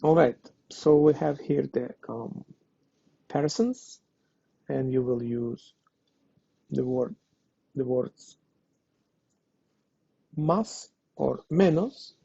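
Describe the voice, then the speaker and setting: A Spanish teacher gives an online language lesson, explaining step by step and translating each example. His medium-pitched voice is extremely slow, warm and breathy-edged, with vocal fry and frequent pauses. The recording is dull, lo-fi and dry.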